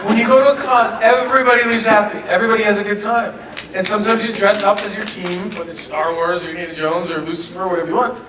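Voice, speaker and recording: A man answering fan questions at a convention panel, telling stories in a lively way and laughing often. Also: high-pitched, quick pace, crowd noise. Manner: animated, laughing storyteller. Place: convention hall. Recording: echoey hall, from far off.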